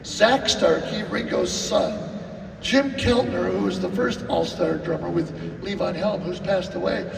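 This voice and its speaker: A man, a drummer at a live clinic, telling animated stories and acting out the people in them, recorded from a distance in an echoing hall. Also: sits high, unhurried, gravelly, a little hiss or hum. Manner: animated, acts out quotes and sings drum cues. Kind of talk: live anecdotal storytelling. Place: live event venue. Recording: roomy hall, distant mic, faint music.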